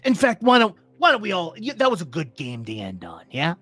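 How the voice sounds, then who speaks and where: The game master voicing a calm male card dealer who talks low, quiet and unhurried. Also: soft background music. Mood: dismissive.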